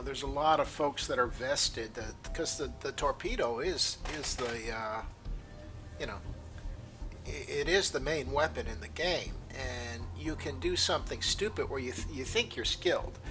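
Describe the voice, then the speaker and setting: A man's voice: mid-range voice, pushed and bright. A man giving casual, rambling gameplay commentary, opinionated and full of fillers and restarts, with the hiccups. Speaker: gaming video creator.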